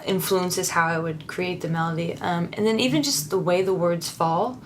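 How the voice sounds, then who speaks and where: Casting: lower-voiced woman songwriter, relaxed interview chat, earnest, quick to laugh. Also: slight background noise. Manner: laughs often, warm and candid, with frequent restarts; earnest and encouraging. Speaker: songwriter guest.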